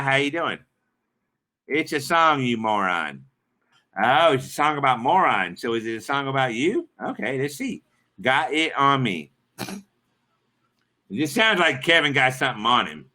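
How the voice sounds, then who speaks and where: A man's voice: mid-range voice, very animated, a little slow, pauses often, bright, forceful tone. A man chatting on his live stream in a rambling, crude and profane way. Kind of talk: casual live-stream chat.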